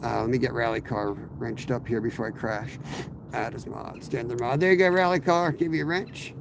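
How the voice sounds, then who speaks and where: Hoarse guy with a cold chatting to his stream from a kayak, mid-pitched, faint water noise behind. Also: moderate pace. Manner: rambling, relaxed, greets viewers by name. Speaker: fishing streamer. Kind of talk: casual live-stream chat while fishing. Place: outdoors in a kayak on a river.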